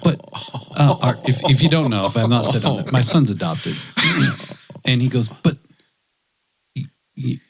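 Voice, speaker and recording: A man co-hosting a podcast, telling a family story in casual chat, animated and laughing often. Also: medium pitch, moderate pace, long pauses, background noise. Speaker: podcast co-host.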